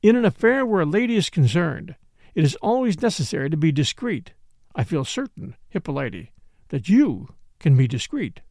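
A man voicing a suave, scheming middle-aged French count who speaks smoothly and dryly. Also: fairly high pitch, big pitch swings, normal speed, darkish tone, no room sound, studio quality. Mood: smooth, calculating.

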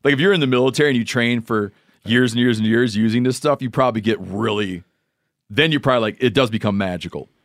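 A man's voice: mid-range voice, fast, no echo, studio quality. A man hosting a podcast, talking casually and thinking aloud, often circling back to rephrase. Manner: rambling, thinks aloud with self-corrections. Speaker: podcast host. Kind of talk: casual chat.

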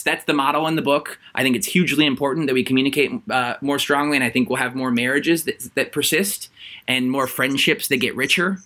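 Bright-voiced man explaining his ideas. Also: mid-range voice. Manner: thoughtful, earnest, frequent restarts and fillers. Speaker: author and guest. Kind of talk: conversational interview.

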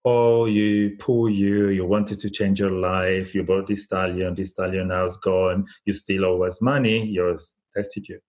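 A man's voice: low voice, level tone, a little slow, few pauses, darkish tone. A man voicing a crowd of gossiping village neighbors in a folk tale. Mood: pitying. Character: gossiping village neighbors, pitying then envious.

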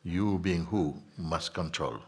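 A man guiding listeners as a spiritual teacher, soft-spoken, often dropping to a whisper and playfully acting out voices. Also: sits low, slow pace, husky.

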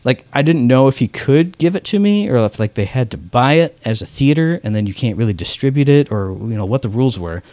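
A man's voice: mid-range voice, expressive, brisk, few pauses, a little mellow, a little hiss or hum. A man chatting casually as a podcast host, enthusiastic and full of "like", acting out the dialogue in his stories. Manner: enthusiastic, heavy use of "like". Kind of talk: casual chat.

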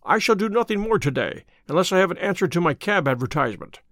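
A man reading a calm, keen detective. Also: high voice, fast, dry recording, clean studio sound. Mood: composed. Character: sharp, calm male detective. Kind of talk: audiobook character reading.

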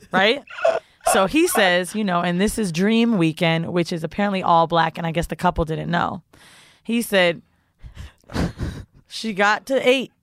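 Young woman co-host, animated and profane storyteller, dry close mic. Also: on the low side, dry recording. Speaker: podcast co-host. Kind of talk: casual storytelling chat.

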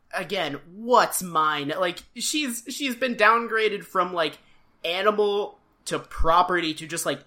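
Sarcastic woman with a lively bright voice. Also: on the low side. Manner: sarcastic, acts out quotes in exaggerated voices. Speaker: podcast co-host. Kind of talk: casual recap chat.

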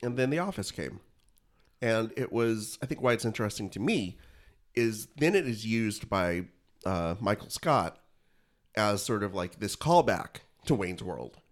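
A man's voice: on the low side, expressive, unhurried. A man in casual chat, telling wry anecdotes in a storytelling manner.

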